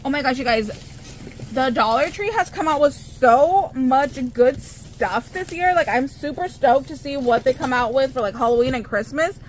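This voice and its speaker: A woman's voice: high-pitched, moderate pace, a little hiss or hum. A young American woman chatting casually to her viewers as a craft vlogger, gushing and bubbly. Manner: bubbly, gushing, talks to viewers as you guys. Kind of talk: casual haul chat.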